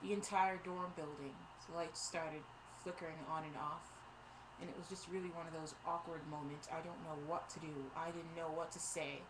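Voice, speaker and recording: A young woman recounts a college story in a casual vlog, her voice sitting a little low. She talks in an animated, exasperated way and breaks into laughter now and then. A steady hiss of noise runs under the recording. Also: normal speed. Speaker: vlogger.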